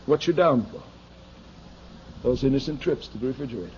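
Pastor guy preaching hard in church, goes quiet then yells, muffled old tape with a little hiss. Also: mid-range voice, lively intonation, fairly quick. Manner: swings from hushed asides to shouted pleas. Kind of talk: fiery sermon. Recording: dull lo-fi archival recording with faint noise.

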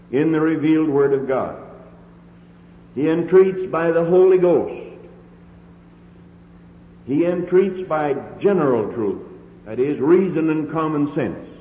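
A man's voice: on the high side, slow pace, pauses often. A man preaching a sermon, earnest and emphatic, with repeated phrases, heard on an old lo-fi recording. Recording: tinny lo-fi old sermon recording, roomy hall echo.

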